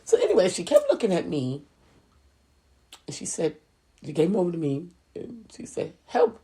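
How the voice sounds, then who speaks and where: A middle-aged woman and sales professional, chatting casually and telling a story in an animated way, with lots of "you know.". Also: on the low side, moderate pace, husky. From Hispanic and Native American heritage, US. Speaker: school speaker, sales professional.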